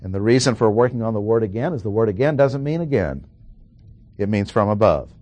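A man preaching a sermon and explaining a Bible passage, who stresses key words slowly and asks his listeners questions. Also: lowish voice, lively intonation, a little mellow, dry recording.

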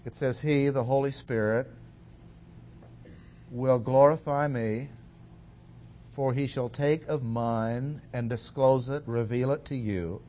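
A man teaches through a Bible passage in a steady lecture voice at an ordinary middle pitch. He explains step by step and slows down to stress the words that matter most. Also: slight background noise.

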